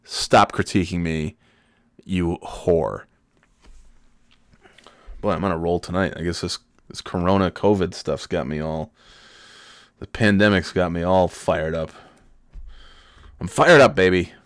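A man's voice: low voice, steady tone, unhurried, long pauses, clear, resonant tone, no room sound, studio quality. A man telling rambling, sardonic, profane stories in a casual monologue.

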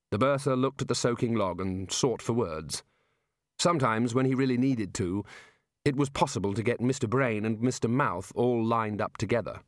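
This is scripted audiobook narration of a novel by a man whose voice is medium in pitch. His delivery is even and measured, captured in a dry, clean studio recording.

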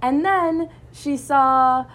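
A young woman, a college student and student club member, telling a story in a casual podcast chat, animated and full of fillers. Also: high voice, extremely slow. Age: young adult.

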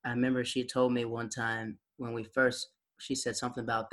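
A man's voice: medium pitch, flat delivery, fairly quick, few pauses, fairly bright tone. A young adult man sharing memories in casual chat, rambling, with lots of filler words and frequent laughs.

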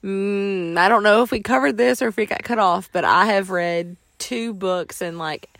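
A young woman co-hosting a casual podcast, joking and teasing with quick remarks. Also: mid-range voice, vocal fry, fairly bright tone, dry recording, studio quality. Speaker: podcast co-host. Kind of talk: casual chat.

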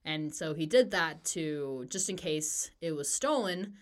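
A woman's voice: low voice, a little slow. Chatty, giggly woman podcast co-host. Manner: laughs often, chatty and animated. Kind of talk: casual book discussion chat.

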